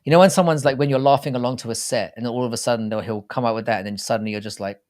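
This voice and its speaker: A man's voice: mid-range voice, steady tone, rapid-fire, a little mellow. An English man co-hosting a casual live stream, talking in a rambling, chatty way and often restarting his sentences. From England. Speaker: co-host.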